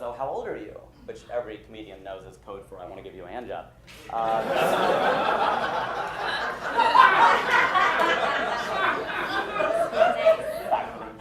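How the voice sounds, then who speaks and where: A man in his thirties telling a long story as a stand-up comedian, getting loud at the punchlines. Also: on the low side, background noise. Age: 30s. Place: comedy club stage with a laughing audience. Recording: roomy live club with crowd laughter.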